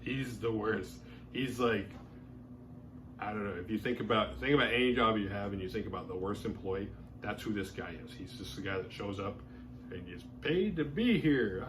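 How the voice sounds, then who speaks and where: A man's voice: on the low side, normal speed, a little hiss or hum. A man hosting a podcast, recapping a horror film in a loose, slangy way and acting out the characters' lines. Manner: chatty, slangy, acts out characters' lines in quotes. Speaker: podcast host reviewing horror films.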